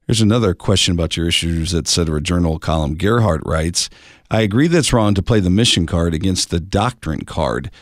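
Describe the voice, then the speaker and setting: A man co-hosting a radio show, reading listener emails in a measured, steady way. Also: sits low, dry recording, clean studio sound. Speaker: radio co-host.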